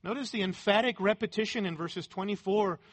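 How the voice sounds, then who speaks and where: A man's voice: high-pitched, fairly quick. A man preaching an expository sermon, speaking in short emphatic phrases and repeating key words for weight. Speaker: pastor.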